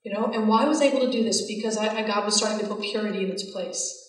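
A woman's voice: medium pitch, steady tone, fast, recorded from a distance. Earnest woman telling her story in a big echoey hall. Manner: earnest storytelling, acting out quoted lines. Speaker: speaker giving a faith testimony. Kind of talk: personal testimony talk.

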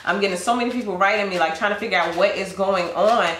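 A woman's voice: medium pitch, fast, fairly bright tone, slight background noise. A woman giving a tarot reading, speaking straight to the listener and telling it as a story. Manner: addresses the listener directly, storytelling. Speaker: tarot reader. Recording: roomy echo.

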